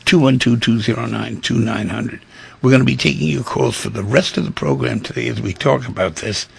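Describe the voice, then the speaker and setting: A man hosting a radio call-in show, giving a preachy monologue full of rhetorical questions and animated storytelling. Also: mid-range voice, brisk, creaky, husky.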